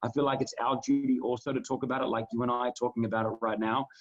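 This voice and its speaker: A man's voice: mid-range voice, flat delivery, very fast. Earnest rambling man, slightly dull sound. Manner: earnest, rambling with many restarts. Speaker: podcast co-host. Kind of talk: casual conversation.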